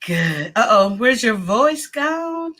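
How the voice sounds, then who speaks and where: A woman with a high, bright voice hosts a live stream, chatting casually with her viewers. She talks at an unhurried pace but swoops up and down, greets people by name and laughs often. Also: very animated.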